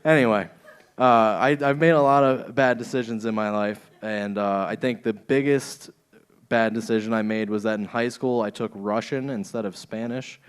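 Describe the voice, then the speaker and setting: A man's voice: fairly low pitch, steady tone, normal speed, clean tone. A young man doing a stand-up set in a comedy club, often laughing at his own jokes.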